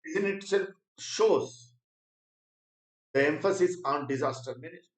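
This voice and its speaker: A man teaching an exam prep lecture in Indian English, repeating key phrases and often clearing his throat. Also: fairly high pitch, normal speed, roomy sound, far from the mic, low-quality recording. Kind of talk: spoken lecture.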